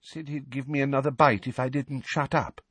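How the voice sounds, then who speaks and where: A man's voice: medium pitch, moderate pace, slightly rough, dry recording, voice pushed up. A man voicing a kindly middle-aged wizard father, chatty and evasive, in an audiobook reading. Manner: chatty, animated.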